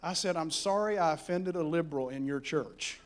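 A man preaching a sermon, telling Bible stories in an animated way that swings from soft asides to shouting. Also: fairly high pitch, moderate pace, slight background noise.

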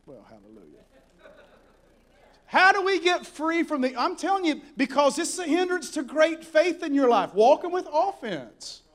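A man preaching a sermon, telling Bible stories in an animated way that swings from soft asides to shouting. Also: extremely high pitch, normal speed, few pauses.

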